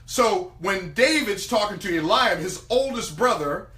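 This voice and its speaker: Speaking a little slowly, a preacher focused on business and faith recasts ancient scripture in lively, everyday words during his sermon. His voice is high, bright and forceful, sounding slightly far from the microphone in a noticeably echoey room.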